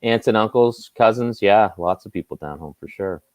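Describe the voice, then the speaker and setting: A man with a Canadian Maritime accent, a sports anchor chatting as a guest in a relaxed, self-deprecating way. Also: lowish voice, moderate pace, dry recording. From Nova Scotia, Canada. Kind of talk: casual interview chat.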